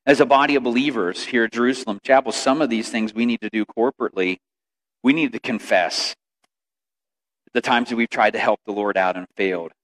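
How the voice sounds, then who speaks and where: A man preaching a sermon as pastor, telling stories and building to loud, emotional quoted lines. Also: mid-range voice, brisk.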